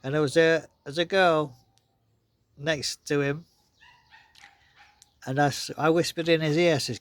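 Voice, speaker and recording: A man's voice: fairly high pitch, steady tone, a little slow, long pauses. A man casually telling childhood stories to his viewers, rambling and chuckling often. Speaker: vlogger. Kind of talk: casual storytelling.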